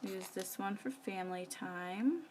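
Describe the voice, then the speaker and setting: A woman's voice: mid-range voice, measured pace, a little mellow, slight background noise. A woman, chatting casually while she works on her planner during a live stream, rambling with many fillers. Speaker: planner vlogger. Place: home.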